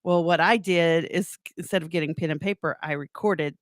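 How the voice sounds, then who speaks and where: A woman co-hosting a radio show, telling a story in casual chat with lively delivery and frequent laughter. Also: fairly low pitch, brisk, no echo, studio quality. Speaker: radio co-host. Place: radio studio. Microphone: studio microphone.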